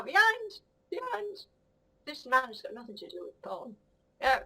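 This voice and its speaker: A woman's voice: a little high, pushed and bright, heavily acted, poor audio. A woman voicing a vain, cheeky female cat who rambles rudely and admires herself. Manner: rambling, rude, self-admiring, giggly. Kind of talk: comic puppet-style monologue.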